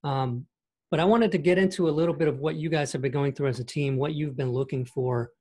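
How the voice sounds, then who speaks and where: A man hosting a podcast, asking his guest a question in a relaxed, conversational way with plenty of fillers. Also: on the high side, a little fast. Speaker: podcast host. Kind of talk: casual interview talk.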